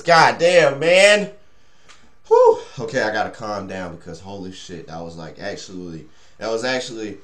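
A young man giving let's play commentary, frustrated, swearing a lot and rambling to his viewers. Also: low voice. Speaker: gaming channel host. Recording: echoey room.

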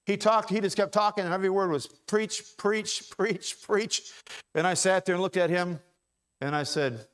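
A high-pitched male pastor delivering a church sermon. He builds to forceful, repeated declarations, then drops into soft, quick, chatty asides. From Ohio. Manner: swings from loud preaching to low, quick asides. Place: church sanctuary.

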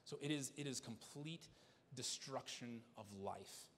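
A man's voice: mid-range voice, measured pace, a bit bright, slight background noise. A man preaching a sermon as pastor, earnest, often restarting his phrases. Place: church sanctuary. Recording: long church hall reverb.

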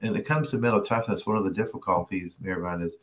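A man's voice: sits low, quick pace. A middle-aged man, a tennis coach, telling a story to a class over a video call and acting out the voices he quotes. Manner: animated, acts out quoted voices. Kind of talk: storytelling masterclass talk.

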